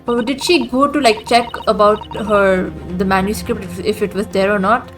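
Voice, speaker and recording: A young woman is at her desk playing a mystery game, voicing the characters' lines in her ordinary mid-range voice. She keeps stepping out of the script to react, talking in a jumpy, chatty way and saying "bro" and "like" a lot. Game music sits quietly under her voice. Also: medium pitch, steady tone, normal speed, hardly any pauses. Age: young adult. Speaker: gamer playing a story game. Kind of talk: reading game dialogue aloud and reacting.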